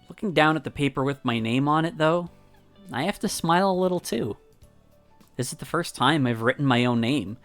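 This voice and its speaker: A man reading a visual novel aloud on a stream, narrating calmly in the first person. His voice sits in an ordinary middle range. Soft music plays faintly underneath. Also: medium pitch, gravelly.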